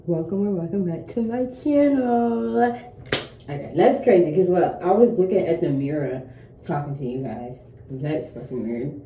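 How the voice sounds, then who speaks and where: A woman's voice: lowish voice, expressive, moderate pace, highs cut off, slight background noise. A tired teenage girl chatting casually and profanely to her viewers while getting ready at home. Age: late teens. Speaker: vlogger. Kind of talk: casual get-ready-with-me chat. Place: indoors at home by a mirror. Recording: echoey room, faint ambience.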